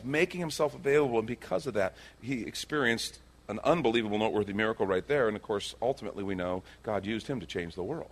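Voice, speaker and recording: A husky-voiced man preaching a sermon as pastor, acting out scripture scenes with lively swings in his voice. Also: fast talker, few pauses. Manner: animated, acts out quotes with big pitch swings.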